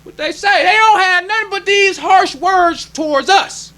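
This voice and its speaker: A man's voice: extremely high pitch, unhurried, sharp tone. A male minister preaching a sermon in an emphatic, conversational way, drawing call-and-response from the congregation.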